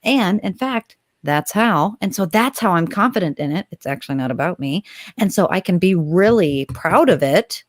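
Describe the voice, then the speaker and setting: A woman with a slightly low voice co-hosts a casual astrology chat. She talks with lively enthusiasm and wanders off on tangents, and the recording is dry and close. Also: normal speed, no echo. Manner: animated, enthusiastic, rambling. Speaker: astrology podcast co-host.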